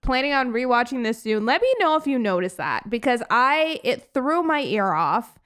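On a laid-back movie-review podcast, a female co-host chats easily and keeps giggling, often laughing in the middle of sentences. Her voice is slightly high, expressive and a touch bright, with a clean tone and normal pace.

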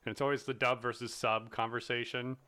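A man co-hosting a casual film podcast, talking in an animated, playful way and laughing often. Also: mid-range voice, brisk, smooth. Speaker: podcast co-host. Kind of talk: casual chat.

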